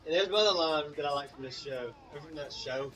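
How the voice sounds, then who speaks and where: A gaming channel co-host from Mississippi, young and Southern-accented, rambles through a casual story during gameplay, full of fillers and quick reactions to the game. His voice sits on the high side, brisk, pushed and bright. Recorded from a distance, the audio is poor, with a little hiss or hum.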